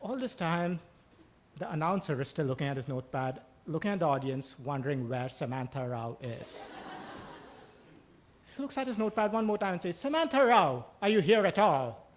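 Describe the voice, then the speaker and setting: A man's voice: a little high, expressive, moderate pace. A man telling a true story on stage before a live audience, wry and self-mocking, swearing casually as he talks into a stage microphone. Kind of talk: live first-person storytelling.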